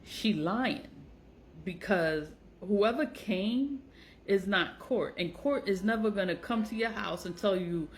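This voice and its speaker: A woman's voice: mid-range voice, takes it slowly, slight background noise, low-quality recording. A woman giving casual, blunt commentary, sounding exasperated and mocking as she reacts to text messages. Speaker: online seller and vlogger.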